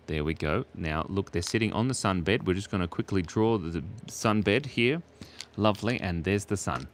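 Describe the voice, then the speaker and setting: A man's voice: deep voice, expressive, moderate pace, a little hiss or hum. An Australian man chatting playfully with viewers while drawing on a live stream.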